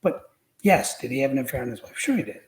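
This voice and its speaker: Speaking fast at a medium pitch, a male guest on a casual political podcast brings his stories to life by acting out quotes. The rough recording has an echoey room and slight background noise.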